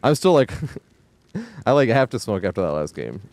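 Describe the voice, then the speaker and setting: A man streaming a game live, ranting in exasperation with frequent swearing and yelling at the screen in bursts. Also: on the low side, very animated, normal speed, dry recording. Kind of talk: live gameplay commentary.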